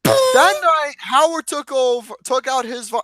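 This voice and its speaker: A man's voice: extremely high pitch, animated, a little slow, pushed and bright, no echo. A man hosting a casual movie podcast, joking and swearing as he lists films and reads a kids' book aloud mockingly. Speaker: podcast host.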